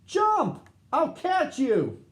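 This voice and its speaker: A man voicing a brave grown man who shouts urgently in a storybook reading. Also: extremely high pitch, huge pitch swings, drawn-out words, reverberant, voice pushed up, exaggerated voice.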